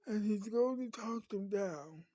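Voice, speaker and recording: An earnest woman soothing a crying friend, as a storyteller puts her on, with a pleading, repetitive way of talking. She speaks slowly in a soft, mellow tone. The sound is dry and close. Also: mid-range voice, no room sound, lightly acted. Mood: pleading reassurance. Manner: earnest, pleading, repeats herself.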